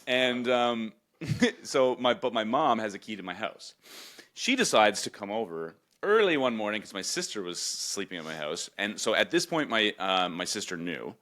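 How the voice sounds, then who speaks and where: Newfoundland man telling a story, low voice. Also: very animated, normal speed, bright, forceful tone. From Newfoundland, Canada. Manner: emotional storytelling, voices his mother in a high pitch. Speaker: podcast co-host. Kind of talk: casual podcast chat.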